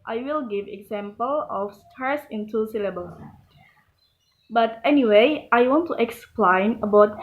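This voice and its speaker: A woman with an Indonesian accent reads out stress rules and examples in a slow, deliberate way. Her voice sits a little high, with faint noise behind it. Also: poor audio. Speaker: student presenter. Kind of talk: classroom presentation.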